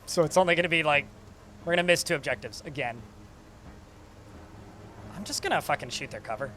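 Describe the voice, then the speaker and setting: Bright-voiced man streaming a game. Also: fairly high pitch, fairly quick, a little hiss or hum. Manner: chatty, swearing, talks to chat. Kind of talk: casual gameplay commentary.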